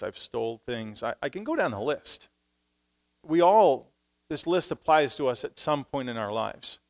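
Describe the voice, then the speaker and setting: A man preaching a sermon in church, swinging between quiet, low asides and loud, emphatic passages, speaking into a stage microphone. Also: gravelly. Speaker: pastor.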